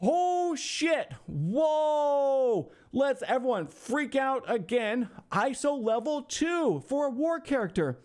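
A man with an extremely high, darkish voice swings widely in pitch, speaking slowly with hardly any pauses. On a livestream, he mock-insults a viewer's game roster, ranting profanely and sarcastically in exasperation while talking back to imagined hecklers.

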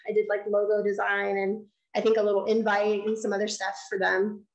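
A woman giving a design lecture, telling a story in an animated way and acting out the dialogue. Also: medium pitch, a little fast, echoey room, muffled recording. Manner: animated, acts out quoted dialogue. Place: lecture hall.

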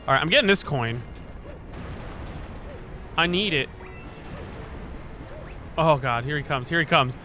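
A young man doing let's play commentary, excitable, swearing a lot and yelling at the game. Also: a little high, unhurried, pauses often, faint music behind. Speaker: gaming streamer.

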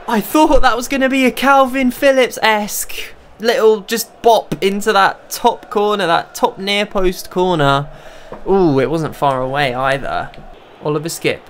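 A young man narrating his own football video game as a gaming creator, talking to himself and bursting into high shouts when chances come. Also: slight background noise. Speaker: gaming YouTuber. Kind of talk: live gameplay commentary.

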